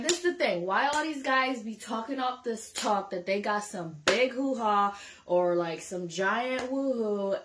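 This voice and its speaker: A woman's voice: medium pitch, a bit bright, a little hiss or hum. A young woman vlogging casually, chatty and candid and swearing freely as she tells a story.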